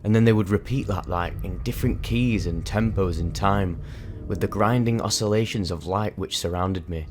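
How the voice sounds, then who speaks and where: In a low voice and at a moderate pace, a man recounts a harrowing experience of his own. His first-person storytelling is dramatic, vivid, intense and emphatic.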